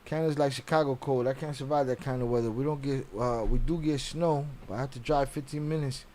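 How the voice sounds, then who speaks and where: A man's voice: medium pitch, steady tone, fast talker, dark tone, a little hiss or hum. A man hosting a casual live stream, reading chat aloud and talking bluntly with heavy profanity and frequent laughs.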